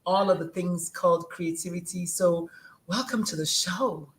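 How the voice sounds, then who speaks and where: A woman's voice: fairly low pitch, normal speed. A middle-aged woman hosting a live podcast, chatting in a bubbly, effusive way with frequent restarts. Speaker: podcast host. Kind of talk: casual live-stream chat.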